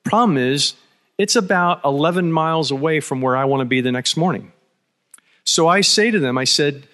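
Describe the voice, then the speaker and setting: A man's voice: fairly high pitch, expressive, normal speed, fairly bright tone. A man from Philadelphia giving a conference talk, telling a travel story with wry humor and frequent restarts. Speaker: conference speaker. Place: conference hall. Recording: long hall reverb.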